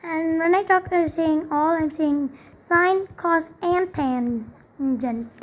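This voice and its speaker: Young woman going over math, high voice, chatty and rambly, faint hum behind. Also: slow pace. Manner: chatty, self-interrupting, many fillers. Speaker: math tutor. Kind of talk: casual explaining while writing.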